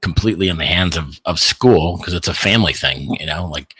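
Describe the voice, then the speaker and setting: A man's voice: deep voice, a little fast, bright, forceful tone, slightly rough, no echo, low-quality recording. A middle-aged man from Illinois co-hosting a live podcast, chatting casually and rambling with lots of restarts. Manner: rambling, frequent restarts and fillers. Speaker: podcast co-host.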